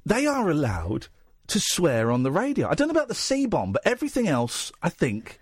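A man's voice: on the high side, huge pitch swings, normal speed, slightly rough, no room sound. A man hosting a late-night radio talk show, joking and rambling with many restarts. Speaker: radio host. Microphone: studio microphone.

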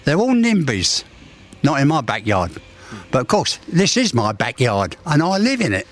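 A man's voice: medium pitch, very animated, normal speed. A man in his eighties, out of breath, bluntly complaining in a rambling way during a news interview. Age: 80s. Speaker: local resident interviewed.

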